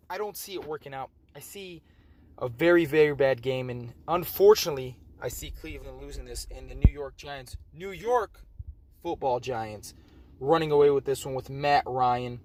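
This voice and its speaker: A man with a somewhat high voice runs through a casual fantasy football preview late at night. He sounds worn out and slurs a little. He rambles and corrects himself as he goes. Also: a little mellow, poor audio. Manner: slightly slurred, rambling with self-corrections. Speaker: fantasy football league host. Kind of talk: casual game preview commentary.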